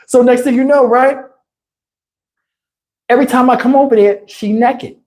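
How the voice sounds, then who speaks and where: A man spinning a story on a live stream, animated and full of profanity. He keeps the talk loose and casual, breaking into laughing asides. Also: extremely high pitch, normal speed. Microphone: wireless lapel mic.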